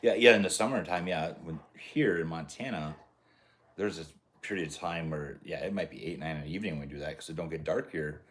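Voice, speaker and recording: A middle-aged man co-hosts the live talk in an easygoing way. His voice is very deep, and he mostly agrees and throws in jokes. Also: a little fast, a bit bright. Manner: easygoing, joking, affirming. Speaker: co-host.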